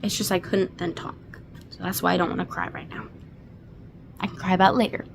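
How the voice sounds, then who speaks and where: A woman's voice: fairly low pitch, flat delivery, brisk, vocal fry, noisy background. A woman in her twenties giving a casual, emotional book recap, gushing with lots of fillers. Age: 20s. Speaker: book reviewer.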